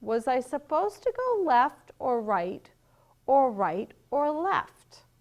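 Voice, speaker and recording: A woman voicing a distracted, cheerful young boy bunny with a high questioning squeak, reading a storybook aloud. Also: sing-song, takes it slowly, a little mellow, full character voice. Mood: wondering.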